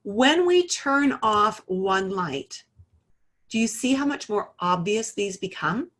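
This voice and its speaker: A woman gives an iridology lesson in an easy, conversational voice at a middle pitch. She tells a client's story and narrates a hands-on demonstration, pausing to adjust what the viewers see. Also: animated, a bit bright. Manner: conversational, talks through a case story and adjusts a camera while speaking. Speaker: iridology teacher. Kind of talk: explanatory lesson with a live demonstration.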